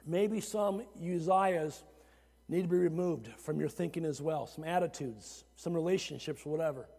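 High-pitched preacher guy, animated, chatty asides, big reverby sanctuary. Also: moderate pace, creaky, slightly rough. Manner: animated preaching, rising to shouts. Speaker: pastor. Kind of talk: sermon. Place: church sanctuary. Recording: long hall reverb.

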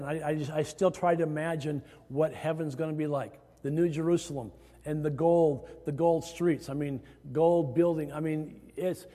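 High-voiced pastor preaching in a hall. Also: male voice, dark tone. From Iowa. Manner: emphatic preaching with rising stressed phrases. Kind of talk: sermon. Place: church sanctuary. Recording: hall reverb.

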